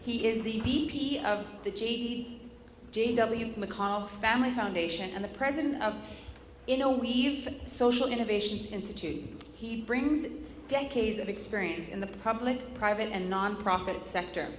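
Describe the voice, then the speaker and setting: A woman's voice: fairly high pitch, normal speed. Woman moderator in an echoey hall. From Canada. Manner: chatty, joking asides, stumbles over names. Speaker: panel moderator. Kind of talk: live panel introductions. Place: conference hall. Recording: echoey hall, faint room noise.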